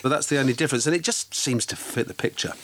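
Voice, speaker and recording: A man's voice: mid-range voice, fast, noisy background. A man who works as a voice actor chats in a radio interview. His voice sits mid-range and his tone is good-humoured.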